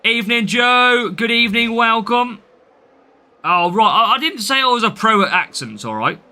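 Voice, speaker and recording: A man's voice: extremely high pitch, lively intonation, normal speed, sharp tone. A young man with an English Midlands accent, chatting through live game commentary and greeting viewers by name. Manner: chatty, reads out and answers viewer names. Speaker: game streamer.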